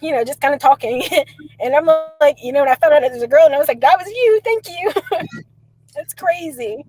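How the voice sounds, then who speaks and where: A young woman, a client on a call, talking softly and laughing often. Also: high voice, moderate pace, dry recording, low-quality recording. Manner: soft, giggly.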